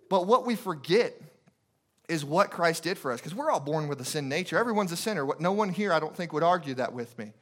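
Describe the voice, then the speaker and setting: A man's voice: a little high, lively intonation, fairly quick, fairly bright tone. A man preaching a sermon as a guest preacher in a church, impassioned and repetitive, firing off rhetorical questions.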